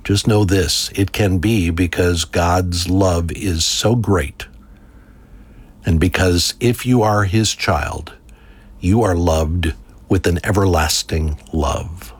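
A man with a very low, husky voice reads a devotional text with measured reverence. He speaks at an unhurried, deliberate pace. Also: no room sound.

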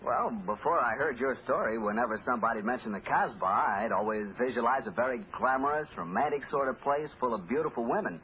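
A man as a radio announcer, chatting folksily and reading a sponsor's pitch. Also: fast, hardly any pauses, slight background noise. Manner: folksy, jovial, salesy. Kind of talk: radio ad read. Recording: tinny old radio broadcast.

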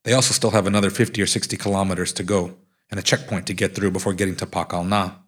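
A man reading aloud from his own memoir, acting out the dialogue in lively voices. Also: low voice, fast talker. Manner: acts out quoted speech with lively voices. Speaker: author reading from his book. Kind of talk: live reading of a nonfiction memoir.

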